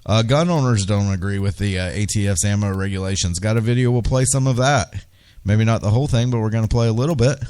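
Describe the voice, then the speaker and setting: A man's voice: fairly low pitch, fast, darkish tone, smooth. A man hosting a political talk radio show, ranting with indignation and firing off rhetorical questions.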